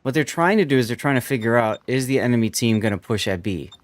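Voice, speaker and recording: A man's voice: mid-range voice, expressive, fast talker, no room sound. A man streaming and commentating a game tournament, explaining the tactics to his viewers as he goes.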